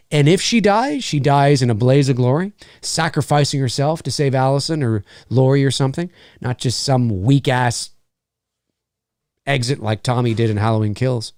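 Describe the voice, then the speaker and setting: A man in his forties chats through viewer questions on a live stream, rambling and laughing as he goes. His pitch swings widely from low mutters to high bursts. The sound is close and dry, with no room behind it. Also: a little mellow, no room sound. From Canada. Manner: rambling, laughs often, hams up movie quotes. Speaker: host answering viewer questions. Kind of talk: casual live-stream Q&A chat.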